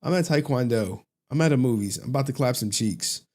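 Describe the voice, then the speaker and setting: A man putting on a mocking, high-pitched voice of a boastful guy rattling off his busy plans. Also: darkish tone, lightly acted. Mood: bragging. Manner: rapid, high and squeaky.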